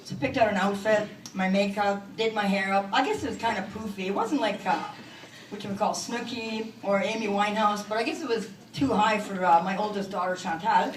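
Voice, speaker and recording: A woman in her forties from Canada doing a stand-up comedy set in a club, delivering self-mocking punchlines in a deadpan way. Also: medium pitch, brisk, a little hiss or hum. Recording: echoey club from far off.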